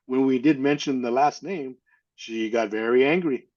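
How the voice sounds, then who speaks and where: A middle-aged man appearing as an interview guest speaks at a moderate pace in a medium-pitched, darkish voice. He tells a personal story with candor and earnestness, frequently stopping to start again and repeat words, on slightly dull lo-fi audio.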